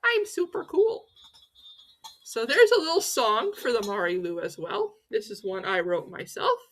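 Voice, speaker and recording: Her pitch sits in the middle but swings widely, and she talks at a normal speed with a fairly bright tone. As host of a pagan folklore channel, she delivers educational tales in a playful, theatrical style full of self-deprecating remarks.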